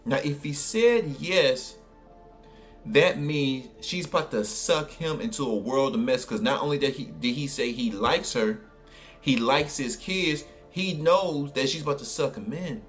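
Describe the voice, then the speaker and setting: A man's voice: mid-range voice, measured pace, faint music behind. A man with a New Orleans accent telling a story in a casual, colloquial way, full of fillers and asides. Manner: animated, colloquial, many fillers.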